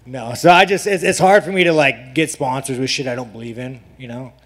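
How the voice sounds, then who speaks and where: A man's voice: mid-range voice, fairly quick, fairly bright tone. A man, a professional fighter, giving unfiltered, profane, rambling answers and mocking reporters at a media day. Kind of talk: unfiltered press conference answers. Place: crowded media day press room.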